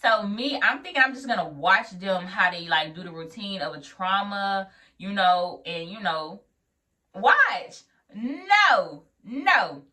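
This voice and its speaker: A young woman vlogger, a new nurse, telling a story in a casual, animated way, acting out what people said and laughing often. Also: medium pitch, moderate pace, distant mic. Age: young adult.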